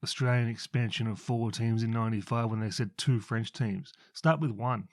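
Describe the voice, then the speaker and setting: A man co-hosting a relaxed podcast chat. He chips in with jokes and laughs often, and his voice sounds dry and close, with no room echo. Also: medium pitch, moderate pace. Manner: jokey interjections, frequent laughter. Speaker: podcast co-host.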